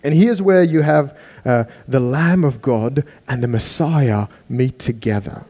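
Aussie guy preaching a sermon, warm low tone, acts out little voices. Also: unhurried. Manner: animated, acts out quoted voices.

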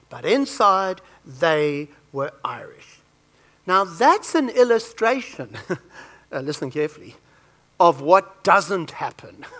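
A man preaching a sermon, joking and telling personal stories as he makes his point. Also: fairly high pitch. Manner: animated, joking storyteller.

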